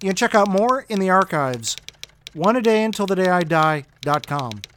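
Lively, wry podcast storyteller. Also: medium pitch, moderate pace, a little hiss or hum. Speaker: podcast host and narrator. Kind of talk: scripted story reading.

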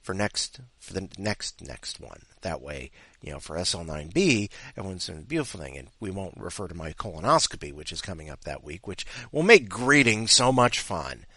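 A man's voice: low-pitched, big pitch swings, moderate pace, hardly any pauses, bright, forceful tone, husky, dry recording. A man hosting a comedic podcast, rambling and self-mocking as he reads listener stories. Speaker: podcast host. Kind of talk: comedic podcast chat and story reading.

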